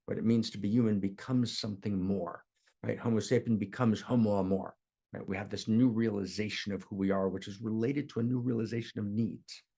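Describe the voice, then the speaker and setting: A man's voice: fairly low pitch, fairly even intonation, brisk, gravelly, dark tone, breathy edge. A man, a spiritual teacher, telling a teaching story in a digressive way and often checking in with "right?".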